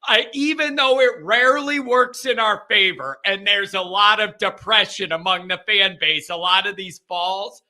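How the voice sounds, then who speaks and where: High, bright-voiced chatty male show host. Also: steady tone, normal speed, few pauses. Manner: chatty, joking asides to listeners; emphatic, fired up about his team. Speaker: host of a fan call-in radio show. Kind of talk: casual morning show monologue.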